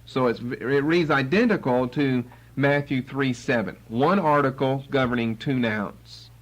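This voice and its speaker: A man's voice: medium pitch, measured pace, low-quality recording. A man teaching the Bible verse by verse, acting out the quotes with sarcasm. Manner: animated, acts out quotes with sarcasm.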